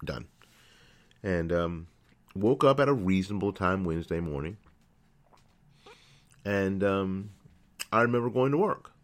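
Deep-voiced middle-aged man telling a story. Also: lively intonation, measured pace, pauses often. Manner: storytelling, repeats phrases, self-corrects. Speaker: internet radio show host. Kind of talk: casual monologue. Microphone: studio microphone.

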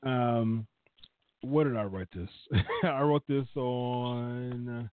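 A man's voice: mid-range voice, takes it slowly, no room sound. A man hosting a wrestling podcast, talking casually in a rambling way. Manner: rambling, many fillers and restarts. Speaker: podcast host. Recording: tinny phone-like line, dry.

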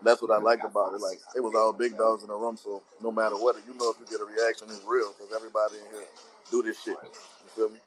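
New Orleans-accented guest on a video call, quick and easygoing, slang-heavy. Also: male voice, lowish voice, little pitch movement, low-quality recording. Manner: laid-back slang, many "you hear me" tags. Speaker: battle rapper guest. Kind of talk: casual video call chat. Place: restaurant.

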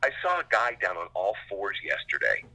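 A middle-aged man, a sports radio host, chatting casually in an interview, rambling through animated stories with quick asides. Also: low voice, vocal fry, rough recording.

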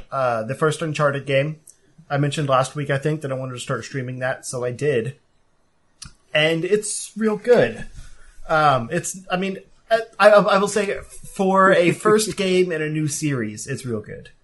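A man in casual podcast chat about video games, rambling with many fillers. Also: a little high. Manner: rambling, filler-heavy, relaxed. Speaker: podcast co-host.

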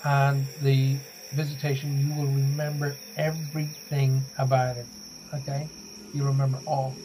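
A man's voice: medium pitch, level tone, moderate pace, warm tone, slight background noise, low-quality recording. A British man hosting a live late-night radio talk show, chatting in a rambling, self-deprecating way with lots of fillers. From United Kingdom.

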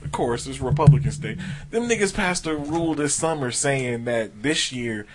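A man's voice: mid-range voice, lively intonation, moderate pace, heavy background noise. A man hosting a podcast in loose, profane casual chat, laughing often. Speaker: podcast host.

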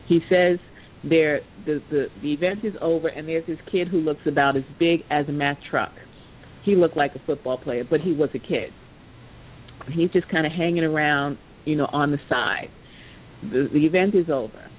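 A woman hosting a talk show, telling a story casually and acting out the voices of the people in it, with lots of fillers. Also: moderate pace. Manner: animated storyteller, acts out quoted voices, many fillers. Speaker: podcast host. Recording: tinny phone-line audio with faint rumble.

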